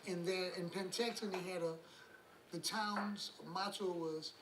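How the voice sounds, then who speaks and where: A man's voice: sits high, fairly even intonation, a little slow. A New man, a musician guest, telling rambling anecdotes in a casual interview, chuckling and acting out the voices of people in his stories. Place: room on a cruise ship. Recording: roomy with background noise.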